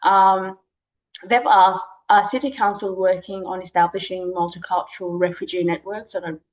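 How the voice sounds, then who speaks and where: A woman whose first language is Nuer, moderating a webinar, thanking the speakers and apologizing warmly. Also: fairly low pitch, level tone, normal speed, rough recording. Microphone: video call.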